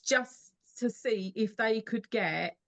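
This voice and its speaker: A woman, a podcast guest, retelling film scenes in a long, rambling, animated way. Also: on the high side, takes it slowly. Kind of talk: casual podcast chat.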